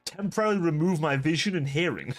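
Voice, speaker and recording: A man's voice: a little high, lively intonation, fast, faint music behind. A young man hosting a live stream, chatting casually with his chat, rambling and laughing at himself. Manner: giggly, rambling, self-deprecating. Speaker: livestream host.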